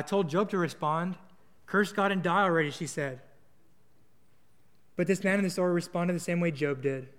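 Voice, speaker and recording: High-voiced young man preaching in a hall. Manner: casual, earnest, with small restarts. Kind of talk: sermon with storytelling.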